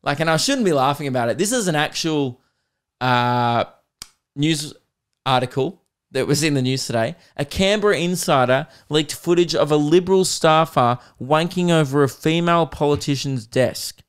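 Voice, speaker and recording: A young Australian man, a podcast host and comedian, delivers a casual comedic rant, crude and sarcastic and broken up by laughs. His voice is on the high side, smooth, at a normal pace.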